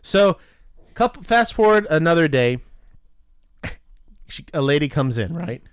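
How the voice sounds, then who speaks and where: A man's voice: fairly high pitch, measured pace, clear, resonant tone, no echo, studio quality. A man co-hosting a podcast, telling a profane workplace story and acting out the dialogue. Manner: animated, profane, acts out dialogue. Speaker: podcast co-host. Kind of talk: casual storytelling with friends.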